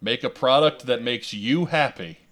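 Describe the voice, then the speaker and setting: A man's voice: medium pitch, unhurried, a bit bright. A man hosting a podcast, giving advice in a dry, repetitive way. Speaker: podcast host. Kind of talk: casual chat.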